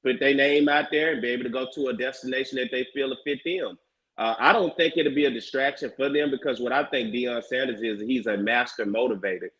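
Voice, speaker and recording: A man on a sports talk show, analyzing a football game in a measured way and asking rhetorical questions. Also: medium pitch, steady tone, a bit bright, poor audio. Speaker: show panelist.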